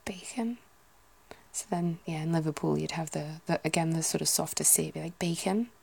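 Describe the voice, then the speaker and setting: Whispering British woman, husky and low. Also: completely flat delivery, quick pace. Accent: British English. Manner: soft, rambling, musing aloud. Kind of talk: whispered ASMR chat.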